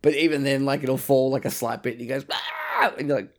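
A man's voice: mid-range voice, steady tone, fast. A man co-hosting a podcast in casual chat, swearing freely and acting out his own reactions. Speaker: podcast co-host.

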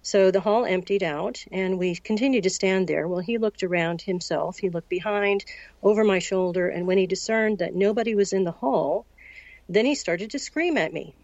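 A woman in her sixties from the United States, recounting a personal story as an interview guest in a measured way and acting out the dialogue. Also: mid-range voice, darkish tone, no room sound. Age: 60s. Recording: dull, lo-fi recording.

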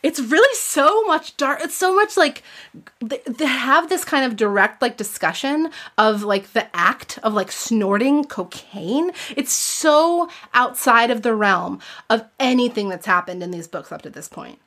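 A woman's voice: fairly high pitch, animated, unhurried, a bit bright. A woman co-hosting a podcast, reading a book aloud with chatty asides full of likes and ums. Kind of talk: casual book reading and chat.

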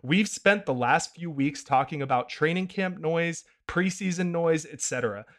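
A man hosting a sports podcast who talks in an opinionated, animated way. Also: a little high, moderate pace. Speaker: podcast host. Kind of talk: casual podcast chat.

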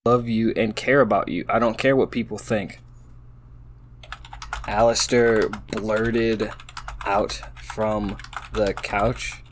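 A man's voice: fairly low pitch, steady tone, a little hiss or hum. A man reading an AI-written story aloud, breaking off into amused, laughing asides about what the text says. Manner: slow, halting reading broken by laughing asides. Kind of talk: casual reading aloud with commentary.

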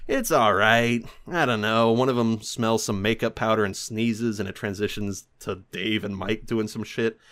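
A man's voice: on the low side, moderate pace, few pauses, fairly bright tone. Rambling, profane man recapping a movie. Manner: rambling, profane, self-mocking, laughs often. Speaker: podcast host reviewing a film. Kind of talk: casual solo commentary.

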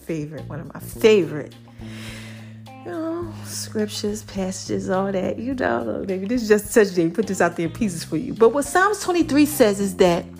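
A woman's voice: medium pitch, a little mellow. A middle-aged woman hosting a podcast in a sassy, preachy, casual monologue. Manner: sassy, preachy, sings and squeals some lines. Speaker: podcast host.

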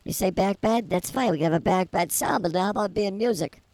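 A woman co-hosting a casual comedy podcast, telling a rambling story in a wry, deadpan way. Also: mid-range voice, fairly quick, no room sound, low-quality recording. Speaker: podcast co-host.

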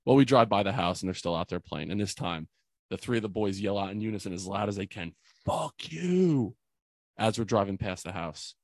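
Man, forties, podcast guest; earnest, emotional storyteller, low voice, dry close mic. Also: quick pace, no room sound. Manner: earnest, emotional, many fillers like "like". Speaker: podcast guest, youth mentor. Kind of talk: personal storytelling in an interview.

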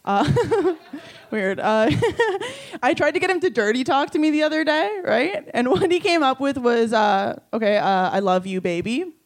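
A woman in her twenties doing a self-deprecating stand-up comedy set in a small bar, delivering deadpan punchlines and breaking into giggles. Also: sits high, unhurried.

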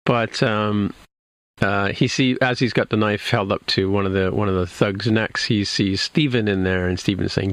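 Man, low gravelly voice, dry close sound, rambling casual recap. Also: steady tone, moderate pace, fairly bright tone, no room sound. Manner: rambling, many restarts and fillers. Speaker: podcast co-host recapping a TV episode. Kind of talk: casual chat.

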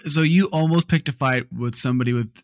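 A man's voice: mid-range voice, fast, no echo. A man, teasing his friends in casual podcast chat. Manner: dry teasing. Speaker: podcast co-host.

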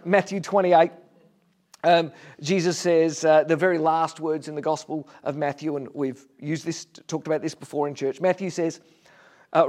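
Conversational man preaching a sermon. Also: a little high. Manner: conversational, rhetorical questions, gently humorous. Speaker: pastor.

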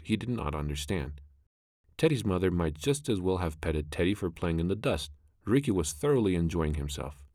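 A man narrating a classic animal story in a measured, expressive way. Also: low voice, no echo, clean studio sound.

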